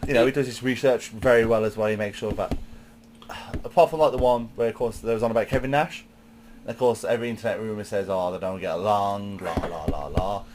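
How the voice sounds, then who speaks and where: A hoarse man, a wrestler co-hosting a casual chat, rambling through stories with restarts. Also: medium pitch, fairly even intonation, fast, noisy background. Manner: rambling storyteller, stammers and restarts. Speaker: podcast co-host, wrestler.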